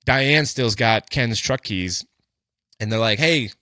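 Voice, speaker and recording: Male podcast co-host, bright and forceful, loose profane storyteller, dry close mic. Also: lowish voice, takes it slowly, no room sound. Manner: loose and profane, with many fillers like "like" and "you know". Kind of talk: casual storytelling.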